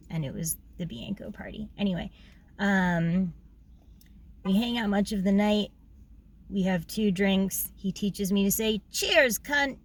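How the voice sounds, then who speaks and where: A young woman casually reading aloud from her old journal, frank and chatty, with many ums and small laughs. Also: fairly low pitch.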